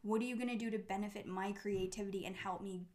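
A woman's voice: medium pitch, steady tone, quick pace, a little mellow. A woman co-hosting a podcast, speaking candidly and thoughtfully in casual conversation, with the odd swear word. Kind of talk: casual chat.

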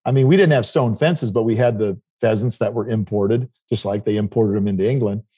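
A man's voice: fairly low pitch, fairly quick, warm tone, slightly rough. A middle-aged man from South Dakota telling a rambling travel story in casual chat. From South Dakota, United States. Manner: rambling anecdotal storytelling with restarts.

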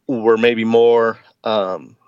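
A man's voice: lowish voice, steady tone, drawn-out words, darkish tone, clear, resonant tone, no echo, lo-fi sound. A man in his forties, a podcast guest, chatting casually and hesitantly with many fillers and restarts. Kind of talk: casual chat.

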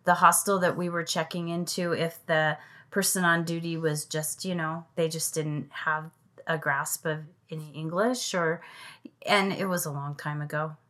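A middle-aged woman with a slightly low voice, talking on a podcast about her past. She rambles, trails off and picks her thread back up in an easy conversational way. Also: fairly even intonation, normal speed, a bit bright. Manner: rambling storyteller, trailing off and restarting, easy laughter. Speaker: podcast guest, mother of the host. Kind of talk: casual chat.

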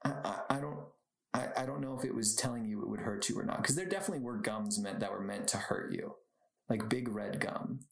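A fairly low, steady, gravelly voice with a bit of brightness comes from a young man hosting a podcast on his own at a fairly quick pace. In an echoey room, he chats casually, rambling on tangents and laughing often.

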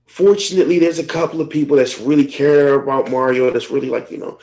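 A man's voice: medium pitch, brisk, hardly any pauses, mellow, poor audio. A man co-hosting a podcast, talking openly and emotionally in casual chat, swearing freely. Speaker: podcast co-host.

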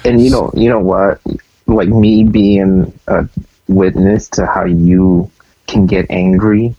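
A man's voice: sits low, lively intonation, slow, vocal fry, no room sound, dull audio. A man in casual chat who mostly chimes in with short replies and teasing questions. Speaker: podcast co-host listening.

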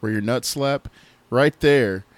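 A man's voice: medium pitch, slow pace, no room sound. A man co-hosting a podcast, telling joking stories in casual chat, recorded on a noisy podcast mic with clicks. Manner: animated, joking storyteller. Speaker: podcast co-host.

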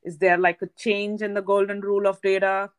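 A woman hosting an interview podcast, speaking in a measured, affirming way and often checking in with her guest. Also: mid-range voice, flat delivery, clean tone. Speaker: podcast host. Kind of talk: conversational interview.

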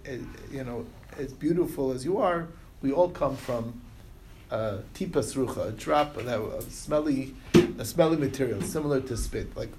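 A man's voice: medium pitch, a little mellow, slight background noise. A man teaching an informal Talmud class, retelling stories loosely with many fillers and restarts. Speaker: Torah teacher.

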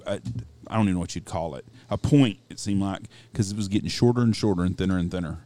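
A man's voice: deep voice, quick pace, warm tone. A middle-aged man from Texas with a Texan accent, co-hosting a casual podcast and telling rambling, salty stories. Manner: rambling profane storyteller. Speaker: podcast co-host. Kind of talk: casual chat.

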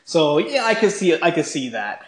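A man's voice: a little high, sing-song, normal speed, reverberant. A man co-hosting a podcast, talking casually and enthusiastically in long run-on thoughts. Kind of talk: casual chat.

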